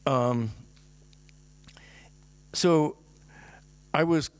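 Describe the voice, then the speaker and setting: Older man telling a rambling story. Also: no echo. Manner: halting, many ums and restarts; lively in storytelling, high for quoted voices. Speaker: composer giving a talk. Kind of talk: anecdotal talk with slides.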